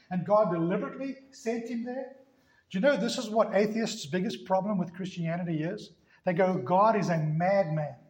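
High-voiced emphatic preacher man. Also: a little mellow, roomy sound, low-quality recording. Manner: emphatic, asks rhetorical questions. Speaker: pastor. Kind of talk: sermon.

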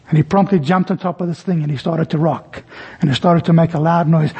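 A man's voice: a little high, fairly even intonation, fast talker, dark tone, breathy edge, highs cut off. A man preaching a sermon, telling stories and acting out the voices in them. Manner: storytelling, acts out voices in anecdotes. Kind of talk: sermon with illustrations.

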